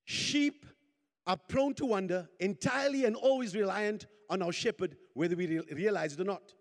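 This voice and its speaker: A pastor preaching a sermon, leading his congregation in call and response and climbing to shouts at the peaks. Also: high voice, normal speed. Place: church hall. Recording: long hall reverb.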